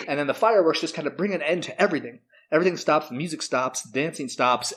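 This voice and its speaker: A man's voice: medium pitch, animated, brisk. A man co-hosting a podcast, telling a long crude joke in casual chat, rambling with fillers and frequent laughs. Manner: rambling storyteller, laughs often, filler-heavy. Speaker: podcast co-host.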